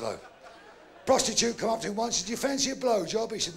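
An older man telling bawdy jokes in live stand-up, with gravelly punchy delivery and shouted punchlines. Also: high voice, sing-song, fast talker, heavy background noise. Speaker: stand-up comedian. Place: live comedy venue with audience.

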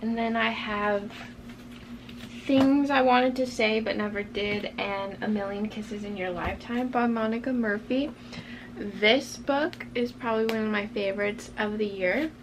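An unhurried, mid-range female voice belongs to a book vlogger casually and excitedly discussing her books while she tidies a shelf, frequently sidetracked. Her bedroom fan keeps the background noisy.

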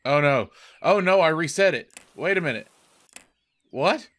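A man hosting a let's play, excitable and joking as he talks to himself while playing. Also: a little high, unhurried. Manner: excitable, joking, self-talking. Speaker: gaming channel host.

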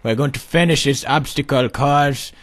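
A man playing a callous father who scolds and dismisses his son in a gruff way. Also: mid-range voice, moderate pace, natural voice. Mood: gruff, dismissive.

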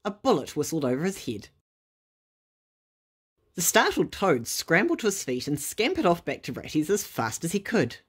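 A woman narrating a children's bedtime story in a lively, expressive way. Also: on the low side, moderate pace, breathy edge.

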